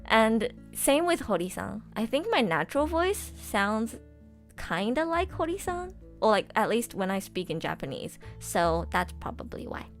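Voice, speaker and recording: Bubbly young woman streamer, lively pitch. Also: unhurried, faint music behind. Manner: bubbly, giggly, gushing with enthusiasm. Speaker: voice actress streamer. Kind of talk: casual live-stream chat.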